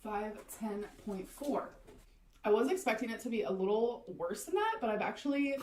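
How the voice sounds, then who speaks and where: A woman's voice: fairly high pitch, lively intonation, normal speed, a little mellow, slight background noise. A woman talking casually to her camera in a vlog, rambling and repeating herself. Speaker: vlogger.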